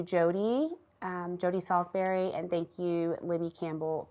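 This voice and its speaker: A middle-aged woman, co-hosting a casual chat and laughing often. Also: on the low side. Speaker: co-host. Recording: dull lo-fi sound.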